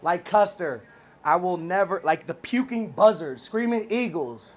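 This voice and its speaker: Hyped, preachy man pitching to listeners. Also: expressive, unhurried. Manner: hyped, preachy, repeats phrases; slangy, talks to a cohost by name. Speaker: podcast host. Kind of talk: casual chat and promotion.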